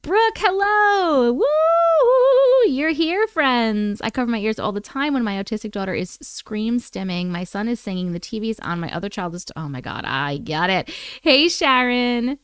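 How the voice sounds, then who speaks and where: A woman's voice: medium pitch, animated, normal speed, fairly bright tone, clean tone, no room sound, studio quality. A woman hosting a casual livestream, chatting and greeting viewers by name in a bubbly way. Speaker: livestream host. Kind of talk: casual chat reading live comments.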